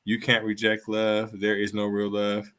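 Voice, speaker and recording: A man's voice: fairly low pitch, completely flat delivery, normal speed, a bit bright. Blunt, profane man on a podcast. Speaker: podcast co-host. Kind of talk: casual chat.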